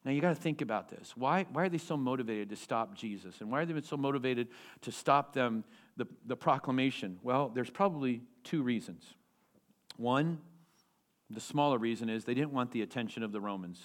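A male pastor delivering a sermon in an animated way, using rhetorical questions and repeating key phrases for emphasis. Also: medium pitch, fairly quick.

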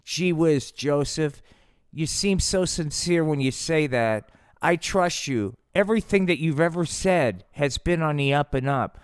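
A man's voice: a little high, lively intonation, a little slow, smooth, dry recording, clean studio sound. A man voicing a trusting, gushing wife who talks in an earnest, old-fashioned, wide-eyed way.

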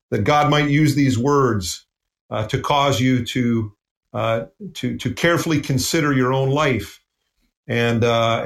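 A man from the United States delivers a sermon, earnest and emphatic, leaning on repeated phrases to drive his points home. His voice sits at an ordinary middle pitch. The room around him rings with a noticeable echo. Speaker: preacher.

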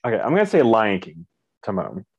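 A man's voice: lowish voice, huge pitch swings, brisk, breathy edge, dull audio. A man playing a quiz game, talkative and reasoning aloud about his guesses. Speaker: quiz contestant. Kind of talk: casual game chat.

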